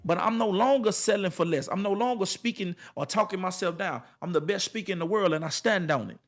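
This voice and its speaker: A man with a fairly high voice delivers a motivational monologue straight to his viewers. He talks in a casual, colloquial way and hammers his points home through repetition. His delivery has the rising cadence of a preacher. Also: fairly quick. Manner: colloquial, addresses viewers directly. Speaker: motivational speaker.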